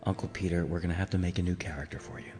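A man playing a deadpan game master. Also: deep voice, rapid-fire, long reverb tail, over music, lightly acted.

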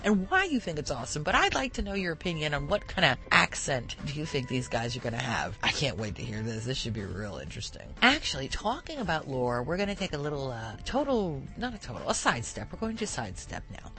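A woman's voice: low voice, big pitch swings, quick pace, few pauses, fairly bright tone, soft background music. A woman hosting a casual podcast, rambling and digressing as she talks and laughing often. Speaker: podcast host.

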